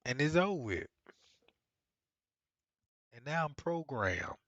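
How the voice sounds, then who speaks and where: A male vlogger telling stories in a casual monologue, swinging between low muttering and loud exclamations, with frequent profanity and filler phrases. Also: big pitch swings, slow pace, no room sound. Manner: peppers talk with profanity and "you know what I'm saying". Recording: slightly muffled, dry sound.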